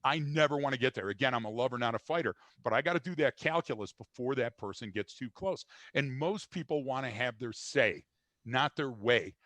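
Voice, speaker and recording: Speaking fairly quickly in a medium-pitched, slightly bright voice, an older man from the United States answers questions as an interview guest. He's blunt and emphatic, with frequent restarts and filler words, and the recording has no room sound.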